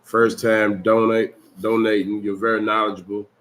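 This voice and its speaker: A man's voice: lowish voice, flat delivery, moderate pace, fairly bright tone, slight background noise. A man reading viewer donations and their messages aloud, briefly and matter-of-factly.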